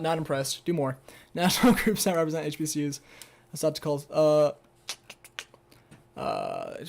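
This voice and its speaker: Rambling sarcastic young man, fairly high voice. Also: creaky, darkish tone. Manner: rambling, sarcastic, swears, stumbles when reading. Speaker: streamer. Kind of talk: casual livestream, reading an article aloud.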